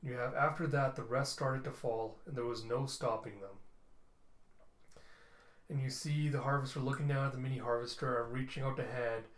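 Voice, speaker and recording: A man narrates a comic book in a casual, conversational way. His voice sits in a middle pitch. The recording carries a roomy echo. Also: fairly even intonation, moderate pace. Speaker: comic reviewer.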